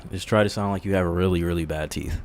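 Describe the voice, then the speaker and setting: A man casually rambling on a livestream, crude and profane, laughing at his own jokes, in a dark candlelit room. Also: low voice, fairly even intonation, fast, a little hiss or hum. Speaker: streamer.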